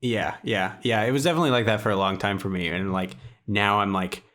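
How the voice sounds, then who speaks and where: A young man, a guest on a podcast, chatting casually and quickly with many filler words. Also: lowish voice, fairly bright tone. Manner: quick, filler-heavy with lots of "like". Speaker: podcast guest, video creator.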